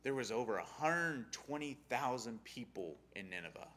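A young adult man giving a casual sermon on a Bible story, animated and acting out the characters' lines. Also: mid-range voice, moderate pace, a little hiss or hum. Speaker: Bible study teacher.

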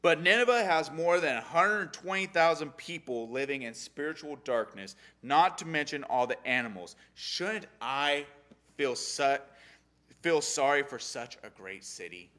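Bright-voiced man teaching a Bible story. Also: a little high, a little slow. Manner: animated, acting out the characters' lines. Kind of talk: casual sermon on a Bible story.

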